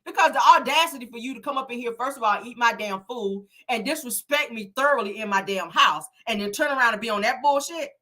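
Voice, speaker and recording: A woman's voice: fairly high pitch, a little fast, few pauses. A woman giving a casual, profane and sassy recap of a reality show, acting out the cast's lines as she goes. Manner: animated, sassy, profane, laughs often; acts out the cast's lines in quotes.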